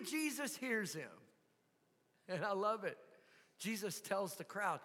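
A man's voice: high voice, big pitch swings, a little slow, pauses often. Man preaching in a reverberant hall. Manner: storytelling preacher, swings from soft asides to loud shouts. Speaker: pastor. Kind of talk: sermon.

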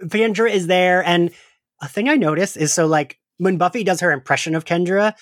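A man's voice: high voice, normal speed, a bit bright, no room sound, clean studio sound. A man co-hosting a casual podcast chat, talking loosely with lots of fillers and frequent laughs. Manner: chatty, laughs often, many fillers. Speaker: podcast co-host.

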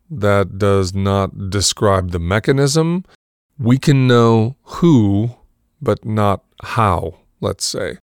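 A man with a very low, deep voice speaks in a measured, philosophical way. The sound is dry and close, with no room echo. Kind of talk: reflective discussion.

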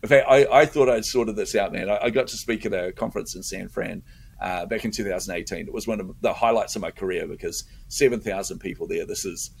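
Gravelly, low-voiced middle-aged man telling stories. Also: fast. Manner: animated, acts out his own inner voice. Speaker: guest. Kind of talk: storytelling in a conversation.

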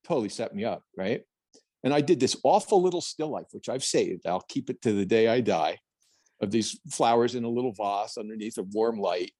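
Husky-voiced man telling a lively story. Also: lowish voice, a little fast, dry recording, clean studio sound. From New Jersey, United States. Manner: animated storyteller who acts out quoted voices. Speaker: plein air painter, guest. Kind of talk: storytelling in a podcast interview.

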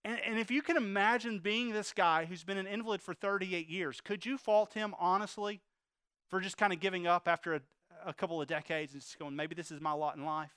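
A man's voice: sits high, fairly quick, pushed and bright, smooth, dry recording. A man preaching a sermon to his congregation in an earnest, conversational way, full of asides and rhetorical questions. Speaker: pastor.

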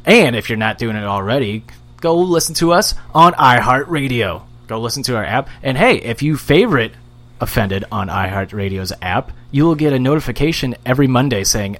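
Lively joking male podcast host. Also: medium pitch, fairly quick. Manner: joking, stumbles over words. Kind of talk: casual podcast banter.

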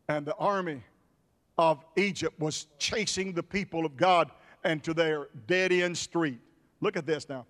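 A pastor preaching a sermon with emphatic repetitions. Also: male voice, fairly high pitch, measured pace, fairly bright tone, in a large hall.

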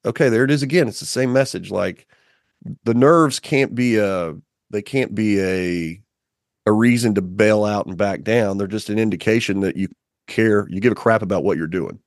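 A man chats as a podcast guest in a fairly low voice, and his story rushes along with plenty of "you know" fillers. The sound is dry and close, with no room echo. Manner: animated storyteller, many fillers. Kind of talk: casual conversation.

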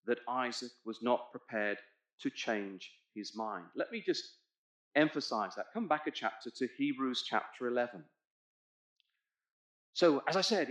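A man preaching a Bible sermon, guiding his congregation through the text and rising to emphatic points. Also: mid-range voice. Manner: expository, asks congregation to look in their Bibles; emphatic, swells loud on key points. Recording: echoey church hall.

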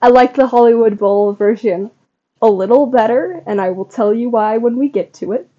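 A woman's voice: fairly high pitch, normal speed, dark tone, highs cut off. A woman co-hosting a podcast in casual chat, talking in a chatty, giggly way with lots of fillers. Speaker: podcast co-host. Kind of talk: casual chat about a comedy show.

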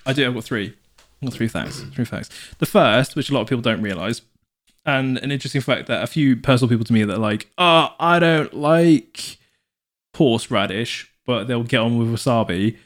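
A man talks at a quick pace in a medium-pitched voice while co-hosting a casual podcast. His speech is rambling, with frequent fillers, restarts, and self-corrections, and he animates his stories with put-on voices.

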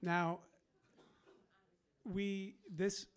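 A man's voice: high-pitched, flat delivery, drawn-out words, clean tone. A man telling a long personal anecdote in a casual way, laughing often and acting out the people he quotes. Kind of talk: casual storytelling.

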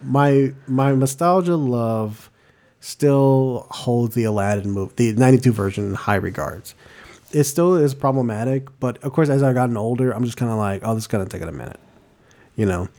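A man's voice: medium pitch, moderate pace. A man co-hosting a film podcast, talking casually and animatedly, swearing a lot and acting out scenes in goofy voices. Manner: animated, swearing, acts out movie lines in silly voices. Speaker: podcast co-host. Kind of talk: casual chat.

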